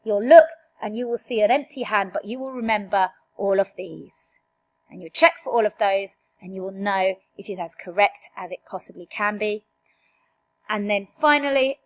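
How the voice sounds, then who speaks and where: A woman's voice: mid-range voice, normal speed. A woman teaching an exam revision lesson, direct and emphatic, firing rhetorical questions at her students.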